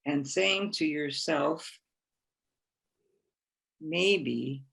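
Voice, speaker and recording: A woman speaker giving a reflective spiritual talk, gentle and encouraging, often repeating phrases for emphasis. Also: deep voice, extremely slow, creaky, husky, low-quality recording. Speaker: conference speaker.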